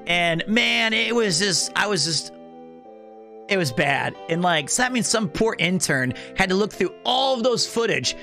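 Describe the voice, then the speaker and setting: On a livestream, a streamer tells a story in a high, bright and forceful male voice. He's casual, swears freely and acts out the people he quotes, staying animated the whole way through. His pace is measured, and soft music plays in the background.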